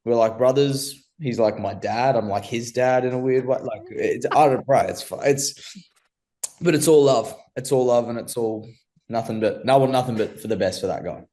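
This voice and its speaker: A man's voice: medium pitch, normal speed, mellow. A young man being interviewed, laid-back and slangy, calling people bro. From Australia. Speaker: amateur MMA fighter guest. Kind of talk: casual interview chat.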